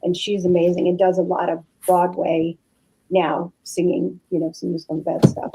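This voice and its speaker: A middle-aged actress chatting as a podcast guest, rambling with many fillers. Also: female voice, on the low side, monotone, normal speed, vocal fry, background noise. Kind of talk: casual podcast chat.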